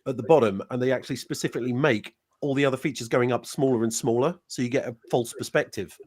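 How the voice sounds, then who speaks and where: A man on a stream panel who talks in a mid-pitched, everyday voice. He explains things earnestly and at length. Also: quick pace, darkish tone. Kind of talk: casual chat.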